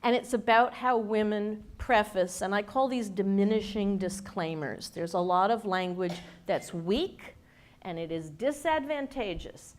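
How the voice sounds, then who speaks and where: Woman, communications speaker, workshop before a live audience, playful, quizzes the room, middle pitch. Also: a little slow, a little hiss or hum. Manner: lively, playful, asks the audience questions; demonstrates speech habits with her own voice.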